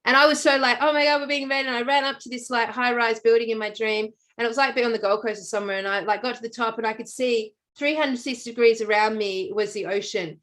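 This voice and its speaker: A middle-aged Australian woman telling a long story in casual chat, animated and rambling with many fillers and restarts. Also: a little high, fast talker, hardly any pauses. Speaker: podcast co-host.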